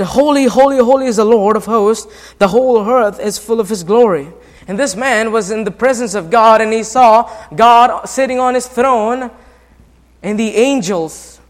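A man preaching a sermon as pastor, rising from hushed talk to loud, fervent passages and putting questions to the congregation. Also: high-pitched. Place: church. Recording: long hall reverb.

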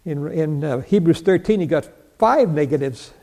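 An older man preaching in a large hall with a long reverb. His voice is high-pitched, gravelly and mellow. He puts questions to his listeners, answers them himself and chuckles along the way. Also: lively intonation, normal speed. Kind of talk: sermon with Bible teaching.

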